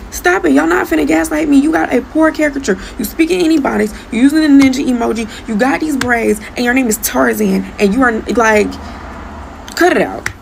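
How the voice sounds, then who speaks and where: Exasperated woman ranting, gravelly edge. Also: a little high, a little hiss or hum, poor audio. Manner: emphatic, exasperated, repeats points for force. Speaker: commentator. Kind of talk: heated social media rant.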